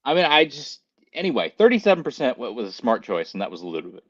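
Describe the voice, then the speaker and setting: A man's voice: mid-range voice, very animated, quick pace, muffled recording. A man guesting on a movie podcast, giving emphatic opinions in casual talk. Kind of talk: casual chat.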